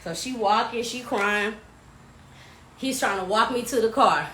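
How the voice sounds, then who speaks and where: A young woman from telling a wild storytime vlog, loud and animated, laughing, with casual slang and plenty of swearing. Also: a little high, a little slow. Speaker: vlogger. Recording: echoey room with faint ambience.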